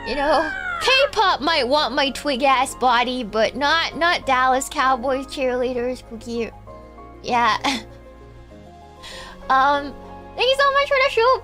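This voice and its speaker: A chatty woman streamer with a high, bright voice reads out viewer donations and chats back casually. She keeps calling her audience "Cookie" and lets the ends of her phrases drop soft and low. Faint music plays behind her. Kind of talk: casual livestream chat, reading viewer donations. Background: faint background music.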